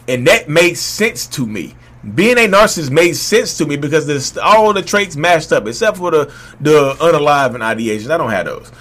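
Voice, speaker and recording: A man speaks in a candid, unscripted monologue. He rambles and restarts, and his voice climbs loud when he gets heated. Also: a little high. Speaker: vlog host speaking on his own experience.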